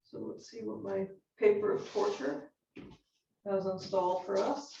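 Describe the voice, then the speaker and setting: A woman teaching a yoga class, calmly cueing each movement and breath while counting repetitions. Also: medium pitch, unhurried, gravelly, a little hiss or hum. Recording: roomy, distant, dull-sounding studio recording.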